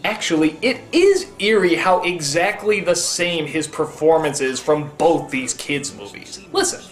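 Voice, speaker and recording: A man giving a comedic film review, ranting and exasperated, breaking into shouts. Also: fairly high pitch, lively intonation, measured pace, roomy sound, soft background music.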